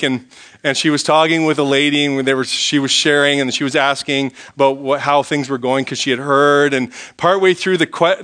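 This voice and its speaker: Male pastor, middle-aged, slightly high bright voice, earnest sermon delivery moving from fervent to hushed. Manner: earnest, rising to fervent pleading prayers then dropping to quiet reflection.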